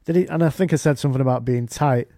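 A man with a mellow, darker voice trades banter with his co-host on a casual podcast. He teases and often drops to a quieter aside. The recording is dry and close. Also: medium pitch, fast, no room sound. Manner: banter, teasing, trails off quietly.

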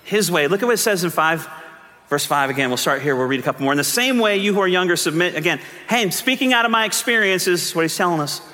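Preaching as pastor in a church sanctuary, a man speaks earnestly and conversationally, often restarting his sentences. His voice is high-pitched, pushed, and bright, with lively intonation and a quick pace. Long church reverb fills the recording.

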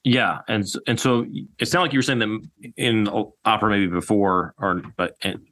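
Brief: male podcast host, very low pitch, bright forceful tone, halting and searching. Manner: thinks aloud in halting phrases. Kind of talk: casual chat.

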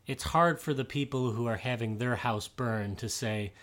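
A man's voice: mid-range voice, moderate pace, fairly bright tone. A man with an American accent co-hosting a history podcast, easygoing, upbeat and a bit jokey. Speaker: podcast co-host. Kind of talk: casual history podcast chat.

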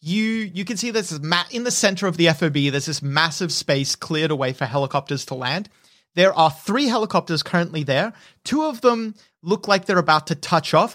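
Game master, man, high lively voice, close dry mic. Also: no room sound. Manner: vivid, animated narration with sound effects. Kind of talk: narrating a tabletop game.

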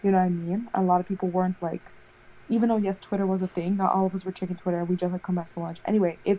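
A young woman chats casually at a fast clip, rambling through an animated story packed with "like." Her mid-pitched voice has a soft, mellow tone, though the audio quality is poor.

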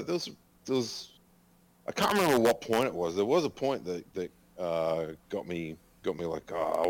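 A man co-hosting a podcast in casual chat, hesitant and full of restarts, laughing and swearing as he talks. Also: medium pitch. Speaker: podcast co-host.

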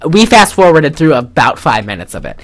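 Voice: medium pitch, wildly swooping pitch, a little fast. Rambling, chatty podcast co-host. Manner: rambling, chatty, with many fillers and restarts. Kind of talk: casual chat recapping a film.

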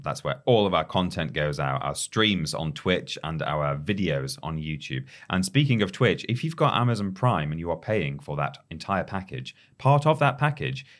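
A man's voice: low voice, sing-song, moderate pace, few pauses. A man co-hosting a gaming podcast, chatting casually and slipping in playful impressions. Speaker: podcast co-host. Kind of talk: casual chat.

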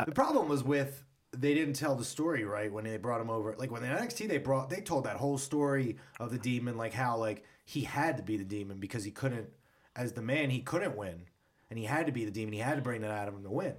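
Fast-talking male podcast co-host. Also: mid-range voice, animated. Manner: quick, talks over his co-host, leans on "like". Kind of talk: casual chat.

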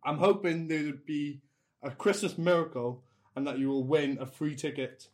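A man's voice: a little high, fairly even intonation, moderate pace, darkish tone. A man co-hosting a podcast in a studio, bantering in a friendly, enthusiastic way. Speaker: podcast co-host. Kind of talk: casual chat.

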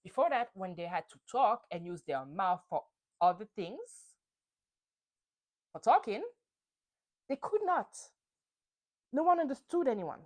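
Casting: young woman podcaster, swinging, expressive pitch, fired-up and swearing as she recaps. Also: measured pace, pauses often, low-quality recording. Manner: heated, profane ranting. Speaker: podcast host. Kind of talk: solo reality TV recap.

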